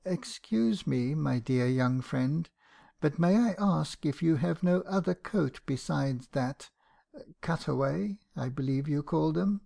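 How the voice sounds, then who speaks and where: A man voicing a fussy, prim older country surgeon in an audiobook, speaking formally and courteously while gently lecturing. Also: on the high side, animated, unhurried, gravelly, heavily acted. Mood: polite correction. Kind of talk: audiobook character voice.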